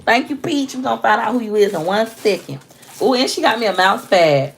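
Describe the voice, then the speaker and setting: A woman's voice: medium pitch, lively intonation, a little fast, gravelly. A young woman chatting casually to viewers as she opens fan mail at home, filmed on a propped-up phone. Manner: chatty, playful, talks to viewers while unboxing. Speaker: vlogger opening fan mail. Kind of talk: casual chat. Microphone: phone propped on a stand.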